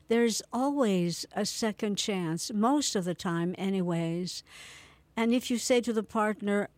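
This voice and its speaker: A woman radio host giving gentle, measured reflections on relationships, often pausing and restarting. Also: medium pitch, dry recording.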